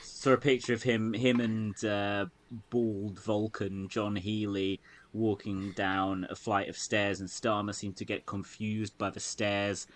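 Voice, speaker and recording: A man hosting a podcast, chatting in a sardonic, sweary way, full of halting fillers. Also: on the low side, flat delivery. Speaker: podcast host. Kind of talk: casual political chat.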